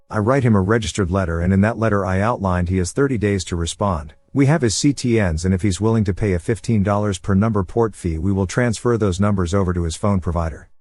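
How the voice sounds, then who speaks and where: A man narrating a reddit revenge post as scripted narration, steady and flat, reading out the quote marks. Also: on the low side, no room sound.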